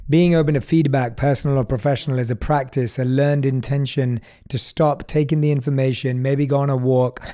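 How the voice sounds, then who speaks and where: A man hosting a podcast, calmly asking questions and reading a passage aloud. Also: mid-range voice, fairly quick, few pauses. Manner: calm, attentive, reads a quote aloud. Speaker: podcast host. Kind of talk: interview questions.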